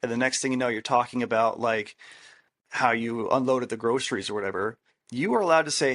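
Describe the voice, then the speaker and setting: Man, therapist co-host; emphatic, repetitive advice delivery, middle pitch. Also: a little fast, fairly bright tone. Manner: emphatic, repeats key rules, acts out quoted lines. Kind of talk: casual advice chat.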